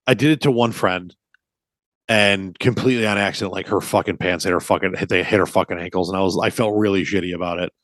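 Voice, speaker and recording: A man in his thirties, a podcast co-host, chatting casually and telling animated, profane stories. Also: low-pitched, fast talker, no room sound.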